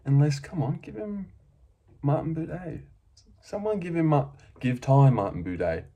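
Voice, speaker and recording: A man's voice: low voice, darkish tone. A young Australian man recapping fight results in a brash, sweary, self-mocking way, as the regular of his own show. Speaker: MMA prediction vlogger. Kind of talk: casual solo recap.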